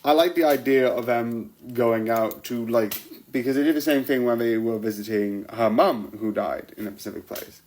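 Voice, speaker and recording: Guy vlogging about tv shows, rambly, laughs a lot, keeps restarting, normal pitch. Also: normal speed, darkish tone, poor audio. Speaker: vlogger reviewing TV episodes. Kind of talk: casual rambling commentary.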